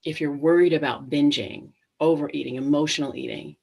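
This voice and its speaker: A woman's voice: low-pitched, fairly even intonation, a little fast, vocal fry, darkish tone, slightly rough. A middle-aged woman hosting a live webinar, talking casually with many ums and restarts and acting out inner thoughts. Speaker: webinar host.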